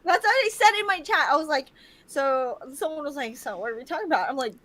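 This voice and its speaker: A woman's voice: high voice, expressive, fast talker, a bit bright, no echo. A young woman co-hosting a casual livestream podcast, chatting, laughing often and reading viewer comments aloud. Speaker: podcast co-host.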